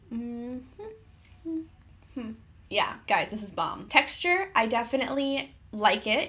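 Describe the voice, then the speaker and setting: A woman's voice: on the high side, fairly bright tone. A young adult woman, a fitness vlogger, giving a chatty, upbeat product review and reading out nutrition facts.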